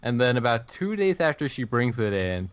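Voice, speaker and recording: A man's voice: medium pitch, big pitch swings, moderate pace, clear, resonant tone. Teen boy telling a rambling story. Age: teens. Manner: rambling, laughs through his story, many restarts. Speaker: podcast co-host. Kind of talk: casual storytelling chat.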